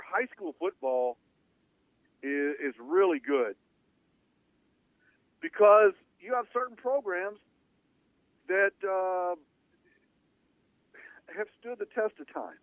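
A sports talk radio host, a man with a slightly raised pitch, drives his points home in an emphatic, punchy way. The sound is thin and narrow like a phone line, with no room around it. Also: expressive, takes it slowly, pauses often, no room sound. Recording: narrow phone-like band, dry.

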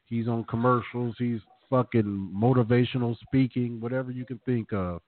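A man co-hosting a podcast, chatting casually and reading numbers off a ranking with animated emphasis. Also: medium pitch, normal speed, dry recording. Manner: animated, reads out figures from a list. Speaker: podcast co-host. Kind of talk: casual profane banter. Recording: dry, tinny phone-like sound.

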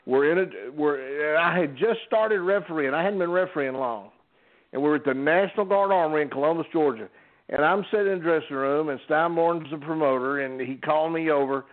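Here the ex-wrestling referee, an older man, sounds a little high and brisk as he spins homespun podcast tales. He keeps starting over, and the audio has a thin, telephone quality.

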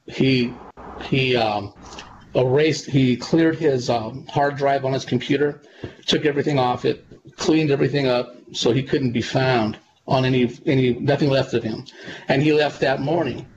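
A man's voice: medium pitch, fairly even intonation, normal speed. Earnest rambling man on lo-fi audio. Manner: rambling, earnest, many fillers. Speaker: psychic medium guest. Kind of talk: casual interview storytelling. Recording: dull lo-fi with clear background noise.

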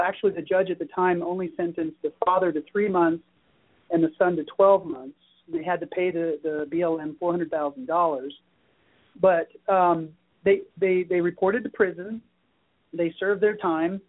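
A man, a guest on a political talk show, explaining with halting restarts. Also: sits high. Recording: tinny phone-like line.

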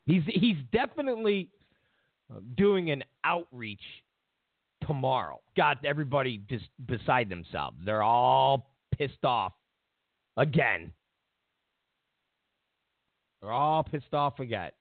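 A man hosts a political talk show, speaking casually and sarcastically, repeating phrases and chuckling often as he mocks his opponents. His medium-pitched voice swings widely in pitch, his pace is a little slow, and the tinny, phone-like audio has no echo.

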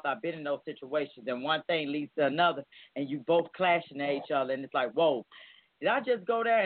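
Male radio host, casual questioning, fairly high voice, tinny dry phone sound. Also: no room sound. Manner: conversational, loose phrasing. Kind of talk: interview questions.

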